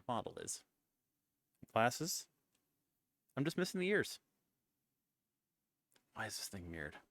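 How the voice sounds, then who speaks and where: Male streamer, casual chat, playful teaser; unhurried delivery, gravelly tone. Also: medium pitch, a bit bright, no echo. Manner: playful, teasing. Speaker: VTuber streamer.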